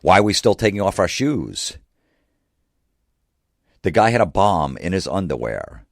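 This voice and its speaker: A man with an extremely low voice rants in a profane monologue, exasperated, piling up rhetorical questions. The sound is dry and close, with no room around it. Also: big pitch swings, a little slow, dry recording. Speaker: comedian.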